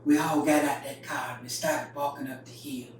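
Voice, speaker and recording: A woman's voice: low-pitched, steady tone, normal speed. Older woman telling a story. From North Carolina, US. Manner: warm, folksy, vivid. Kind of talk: oral storytelling. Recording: very echoey, distant mic, faint noise.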